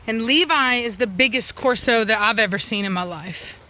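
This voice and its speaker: A woman's voice: fairly high pitch, normal speed, bright, forceful tone. Chatty woman vlogging outdoors with her dog. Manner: chatty, with many fillers and restarts, calling commands to a dog. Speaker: dog breeder and channel host. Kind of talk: casual vlog talk to camera. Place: outdoors in a yard.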